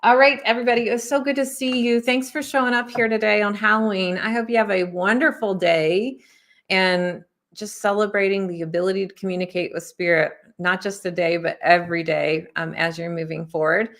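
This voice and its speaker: A woman's voice: mid-range voice, fairly even intonation, a little fast, fairly bright tone. A woman giving a casual oracle card reading to her viewers as an intuitive spiritual teacher, talking in a friendly, reassuring, chatty way with plenty of fillers.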